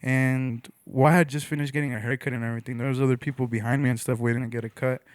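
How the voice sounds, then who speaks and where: Fast-talking young man telling a story. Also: mid-range voice, little pitch movement, smooth, no echo. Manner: slangy, rambling, fillers like "bro" and "you know". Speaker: podcast guest. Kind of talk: casual storytelling.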